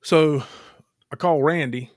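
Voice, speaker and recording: A man's voice: fairly high pitch, takes it slowly, no room sound, clean studio sound. Blunt, profane man telling a story. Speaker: podcast host. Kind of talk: casual storytelling chat. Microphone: podcast microphone.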